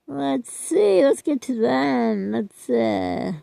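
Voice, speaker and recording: A woman's voice: a little high, very animated, slow pace, creaky, warm tone, no echo, rough recording. An older woman vlogger chatting casually to her viewers, rambling and self-deprecating, often trailing off with "I don't know.".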